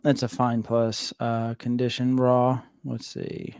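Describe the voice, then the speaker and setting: A man's voice: medium pitch, completely flat delivery, darkish tone, smooth, dry recording, studio quality, faint music behind. A man hosting a casual live stream, talking loosely with many restarts. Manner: loose, halting, lots of filler restarts. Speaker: comic shop host.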